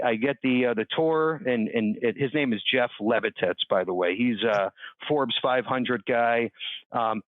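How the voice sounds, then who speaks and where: A man in his forties tells a personal story as a podcast guest, animated and quick to act out the voices of the people in it. His voice sits at an ordinary middle pitch. The sound is thin and phone-like, with no room around it. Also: no echo. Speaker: interview guest. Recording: dry, tinny phone-like line.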